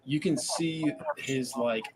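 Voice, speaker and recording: A man's voice: medium pitch, slow pace, crowd noise. A man co-hosting a podcast, chatting casually and rambling through episode details with fillers. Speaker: podcast co-host. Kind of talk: casual chat recapping a TV episode.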